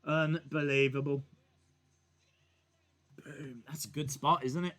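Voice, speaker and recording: A man hosting a wrestling watch-along stream, giving excited live reaction commentary and joking, with bursts of shouting. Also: on the high side, slow.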